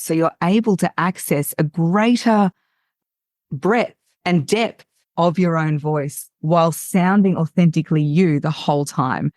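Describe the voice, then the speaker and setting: A woman, a voice coach, chatting as a podcast guest in an expressive, teacherly way. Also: low-pitched, no room sound, clean studio sound. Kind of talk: casual podcast chat.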